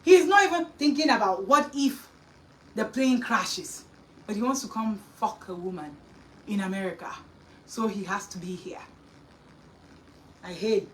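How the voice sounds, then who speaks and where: A woman host with a Nigerian accent telling a story in a lively, scolding chat, slipping into Pidgin and Yoruba. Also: mid-range voice, measured pace, long pauses, recorded from a distance, a little hiss or hum, rough recording. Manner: animated, mixing Pidgin and Yoruba, scolding asides.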